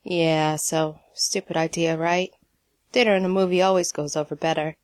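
A woman's voice: low-pitched, steady tone, moderate pace, darkish tone, no room sound, natural voice. A woman reading a story aloud, voicing a nervous, eager young man on a date who stammers and trips over his words. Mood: flustered. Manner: stammering, bashful and earnest.

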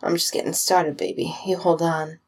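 A teasing, unhurried young man, as a woman narrator puts him on, pitched low and kept soft. He speaks with quiet, drawn-out confidence. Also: flat delivery, husky.

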